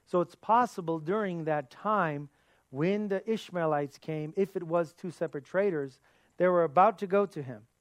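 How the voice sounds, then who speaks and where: A man's voice: high voice, moderate pace, dry recording. A man giving a sermon as a pastor, earnest, asking his listeners rhetorical questions.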